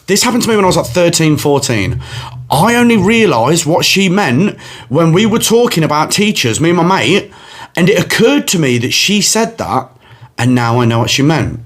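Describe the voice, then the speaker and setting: A man's voice: a little high, very animated, normal speed. A young man, a comedian and podcast host telling rambling stories with frequent laughs. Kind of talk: casual storytelling chat.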